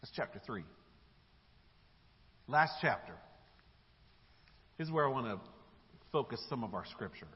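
A man preaching a sermon in a church, retelling the story in a lively, casual way with slang. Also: medium pitch, unhurried, long pauses, breathy edge. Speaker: pastor. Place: church sanctuary. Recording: dull live church recording with long hall echo.

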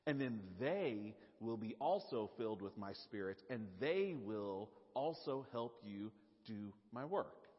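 A man preaching while voicing God as a calm, commanding male deity who speaks in a low, measured way. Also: slightly rough. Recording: dull lo-fi sound, long hall reverb.

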